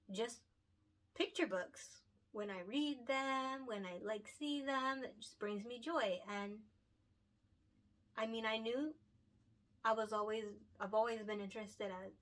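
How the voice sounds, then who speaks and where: A young woman who writes and illustrates picture books, talking casually and from the heart, often laughing and getting emotional. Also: medium pitch. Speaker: picture book author and illustrator. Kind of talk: casual solo chat to camera.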